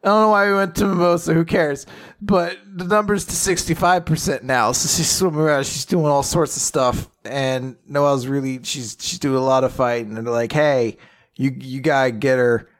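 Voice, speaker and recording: A man casually recapping an anime chapter on a podcast, rambling with lots of fillers and quick paraphrases. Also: a little high, fairly even intonation, a bit bright.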